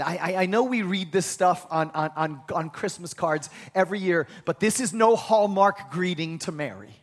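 High-voiced man preaching a sermon. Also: normal speed, few pauses. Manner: emphatic, repeats words when starting sentences. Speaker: pastor.

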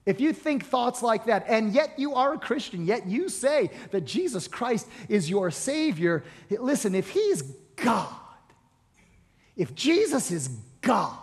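A man's voice: very high-pitched, sing-song, a little slow, breathy edge. A man preaching a sermon as pastor, emphatic and repeating key phrases for impact. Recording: long echoing reverb of a large hall.

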